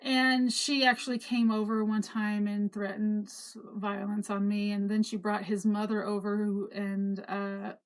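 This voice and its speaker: A woman's voice: medium pitch, flat delivery, unhurried, hardly any pauses. A middle-aged woman casually recounting her own life story, rambling with fillers and restarts. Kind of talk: casual spoken memoir.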